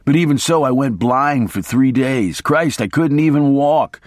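A man voicing a reckless, foul-mouthed male lawyer who talks in a slow, blunt, emphatic way. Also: mid-range voice, no echo, studio quality, natural voice. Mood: boasting. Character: wild-talking male lawyer, reckless and coarse.

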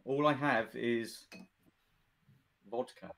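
An English man hosting a home livestream, singing an unaccompanied folk drinking song slowly and then chatting drily. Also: mid-range voice, gravelly, a crowd in the background. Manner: slow drawn-out singing, then quick dry banter. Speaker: folk singer and host.

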